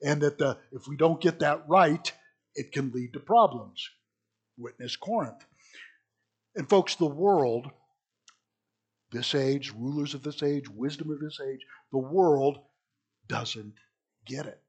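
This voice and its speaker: A man's voice: fairly high pitch, a little slow, long pauses, a little mellow, slightly rough. A man preaching a sermon, reading scripture aloud and then explaining it in plain, conversational asides. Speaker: pastor.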